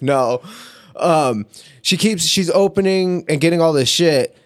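A man co-hosting a podcast, chatting casually and crudely, telling an anecdote full of swearing and laughter. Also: on the high side. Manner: profane, storytelling, quick to laugh. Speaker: podcast co-host.

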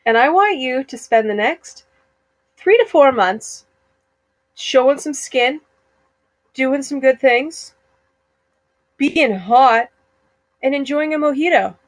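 A woman's voice: high voice, expressive, slow pace, pauses often, no room sound. Giggly young woman, dry sound. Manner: bubbly, giggly, slips into joke accents. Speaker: podcast co-host. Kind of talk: casual chat.

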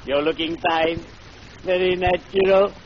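An actor playing an unctuous, gloomy middle-aged undertaker in a 1940s radio comedy, smooth and full of morbid puns. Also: male voice, high voice, fairly even intonation, measured pace. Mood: oily. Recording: muffled old radio broadcast with hiss.

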